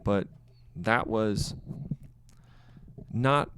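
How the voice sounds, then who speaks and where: A man hosting a trading podcast, thinking aloud through his trades in live commentary, halting and restarting as he counts wins and losses. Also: on the low side, fairly bright tone, slight background noise.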